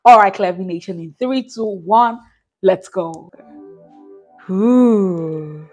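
A woman's voice: medium pitch, measured pace, darkish tone, faint music behind. A woman hosting a reaction vlog, gushing and full of exclamations as she talks casually to her viewers. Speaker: reaction channel host.

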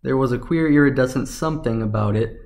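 Man narrating a story in a mid-pitched voice. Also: quick pace, darkish tone.

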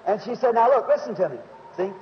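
A man's voice: sits high, expressive, fast. A man preaching an emotional sermon, stretching his exclamations out. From United States. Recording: dull, hissy 1950s tape in a long-reverb hall.

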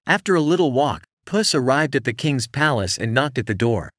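Male storyteller, animated bedtime reading, dry close mic. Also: mid-range voice, moderate pace, no room sound.

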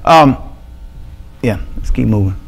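This Montgomery-born preacher speaks in a creaky, expressive mid-range voice at a measured pace, his Southern Alabama accent clear throughout. His sermon is casual and joking, full of slang and chatty asides. Recorded through an adjustable-sound microphone, the quality is poor.

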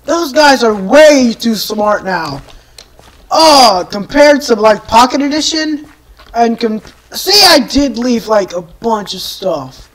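A woman giving live gameplay commentary, exasperated, often yelling and screaming at enemies, with rambling self-mocking asides. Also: a little high, expressive, takes it slowly. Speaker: gameplay video creator.

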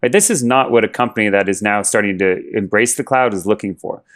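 A man guest on a podcast, a company chief executive, answering questions in a measured, explanatory way with frequent fillers. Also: fairly low pitch, a bit bright. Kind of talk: interview answers.

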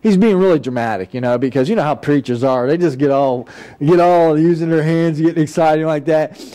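A man's voice: a little high, a little fast, mellow. A male pastor preaching a sermon in a folksy, conversational way, with frequent restarts and casual asides. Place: church.

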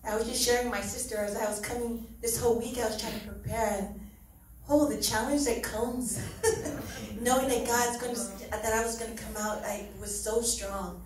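Here a middle-aged woman speaks earnestly in a church hall, her testimony often punctuated by laughter. The voice is on the high side, steady in tone, at a moderate pace, captured by a far-off mic in a very echoey space.

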